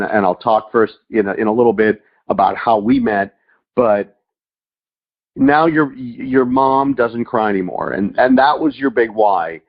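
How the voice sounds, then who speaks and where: A man's voice: mid-range voice, dull audio. A man hosting a podcast interview, encouraging and asking long, rambling questions. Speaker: podcast host. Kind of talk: interview conversation.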